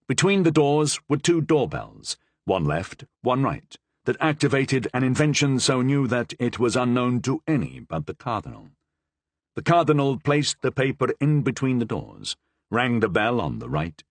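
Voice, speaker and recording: A man reading a historical novel aloud as narrator, with expressive, lively delivery. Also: mid-range voice, dry recording. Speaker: audiobook narrator. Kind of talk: scripted narration.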